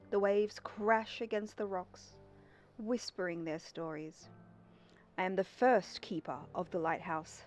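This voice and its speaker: A woman voicing an old male sea captain keeping a lighthouse, reading game narration aloud slowly. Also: mid-range voice, close to an everyday voice.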